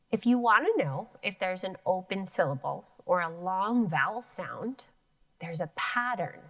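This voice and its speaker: A woman teacher giving a phonics lesson to children, slowly and clearly stretching out sounds and spelling letters. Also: medium pitch, fairly bright tone, no room sound, far from the mic. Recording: dry sound, voice a bit off the mic.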